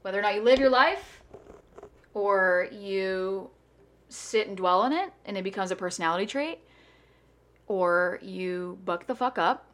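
A woman's voice: medium pitch, a little slow, long pauses. A woman hosting a casual chat, talking bluntly and with emphasis, swearing freely. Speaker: salon owner and host.

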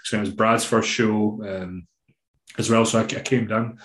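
A man's voice: lowish voice, moderate pace, reverberant. A Scottish man, a bodybuilding coach, chatting casually on a podcast, telling stories loosely with lots of swearing and fillers. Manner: swears freely, relaxed storytelling with many fillers.

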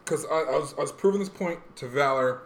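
A young man hosting a podcast, chatting casually in a rambling, animated way with lots of fillers. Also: fairly high pitch, fast. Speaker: podcast host. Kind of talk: casual chat. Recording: echoey room, faint noise.

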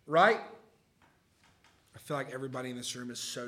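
A man's voice: mid-range voice, a little fast, long pauses, a bit bright. A male pastor giving a conversational sermon to a live congregation, often checking in with the room. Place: church service before a live congregation.

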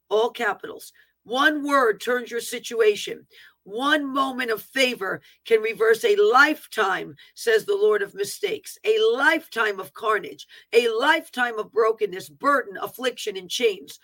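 Fervent bright-voiced woman reading prophecy. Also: on the high side, moderate pace. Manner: fervent proclaiming, broken by plain asides on the written text. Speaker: prophetic minister. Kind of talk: reading a prophetic word aloud.

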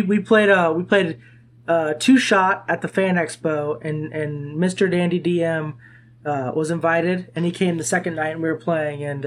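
Easygoing man hosting a podcast, fairly high voice. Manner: easygoing, reads sponsor plugs, laughs along. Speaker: podcast host. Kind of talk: casual chat.

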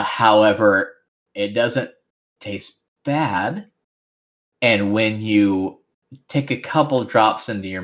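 Low-voiced man running a tabletop game. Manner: relaxed, rambling with frequent fillers. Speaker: game master.

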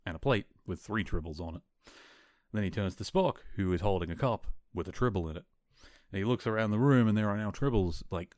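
A podcast host talks through an episode in a relaxed, animated way, now and then chuckling at the story. His voice sits somewhat low for a man. The sound is dry, with no room echo. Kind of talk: casual episode recap.

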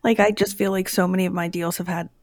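A woman's voice: on the low side, level tone, quick pace, no room sound, studio quality. A woman co-hosting a casual chat, rambling and restarting her sentences as she talks. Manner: chatty, rambling, frequent self-restarts.

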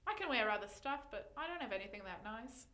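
A young woman co-hosting a podcast in casual chat, animated and giggly, often reading posts aloud. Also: a little high, fast talker, reverberant, background noise. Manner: giggly, animated, breaks into loud laughter. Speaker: podcast co-host.

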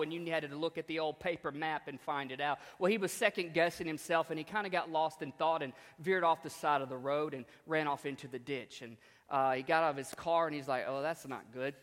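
Emphatic preacher in a reverberant hall. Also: male voice, on the high side, fairly bright tone. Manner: repetitive, emphatic, conversational. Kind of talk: storytelling sermon.

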